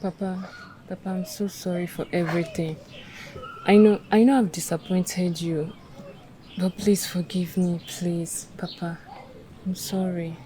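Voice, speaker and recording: A woman's voice: on the low side, steady tone, a little slow, warm tone, close to an everyday voice, poor audio. A young Nigerian daughter, played by an actress, tearful and pleading, begging her father for mercy. Faint noise lies behind her voice. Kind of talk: Nollywood film acting.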